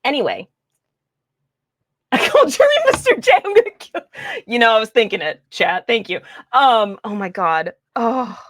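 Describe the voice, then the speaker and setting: A woman putting on a high, bubbly cartoon villainess voice for a stream outro, peppered with cursing. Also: big pitch swings, moderate pace, fairly bright tone, no echo, studio quality. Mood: chipper. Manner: pushes voice high, chipper, cursing.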